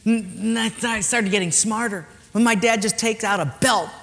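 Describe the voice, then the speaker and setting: A man preaching a sermon, animated, swinging from loud storytelling to soft, quiet points. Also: high-pitched, normal speed, creaky. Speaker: pastor. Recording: long hall reverb.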